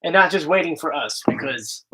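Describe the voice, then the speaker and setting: Lively, bright-voiced teasing man. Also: a little high, fairly quick, breathy edge. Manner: playful, teasing. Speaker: host. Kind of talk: casual livestream chat.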